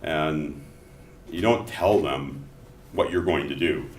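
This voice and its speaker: A middle-aged man teaching a class in a relaxed, conversational way, mixing personal stories into his explanations. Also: rumbling low, slow. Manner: conversational, telling anecdotes between explanations. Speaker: instructor. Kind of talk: classroom lecture. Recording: echoey classroom from far off, faint noise.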